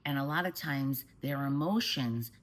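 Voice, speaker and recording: A woman parent coach giving calm, steady advice straight to the camera. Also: extremely low pitch, unhurried, rough recording.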